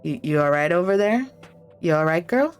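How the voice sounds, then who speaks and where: A woman's voice: lowish voice, expressive, normal speed, smooth, faint music behind. A woman game streamer in a rambling casual chat with her viewers, swearing freely and telling stories between greetings.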